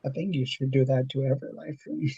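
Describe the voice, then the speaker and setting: A relaxed man hosts a casual movie livestream. His voice is deep in tone and husky. It comes across dry and muffled, on a lo-fi mic. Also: fast, no room sound. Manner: laid-back, plugs his channels. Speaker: livestream host.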